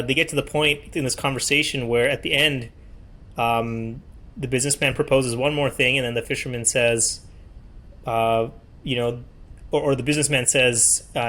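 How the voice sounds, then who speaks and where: A man's voice: mid-range voice, steady tone, normal speed, bright, forceful tone. A man hosting an interview podcast, talking in a loose, hesitant way. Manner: loose and hesitant, many ums and uhs. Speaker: podcast host. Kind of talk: casual interview chat.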